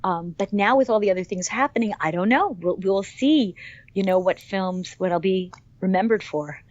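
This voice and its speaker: An enthusiastic woman in her fifties, a guest on a podcast, who rambles with plenty of fillers and false starts. Her voice sits at a middle pitch and sounds dry, close and a little dull. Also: moderate pace, dry recording. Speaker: actress guest. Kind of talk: podcast interview.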